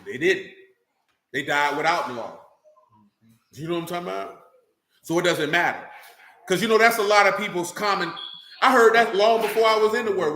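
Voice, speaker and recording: High, bright-voiced preacher in an echoey room. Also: male voice. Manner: preaching to a congregation, reading scripture aloud slowly, rhetorical questions. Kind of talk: sermon. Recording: echoey room with faint noise.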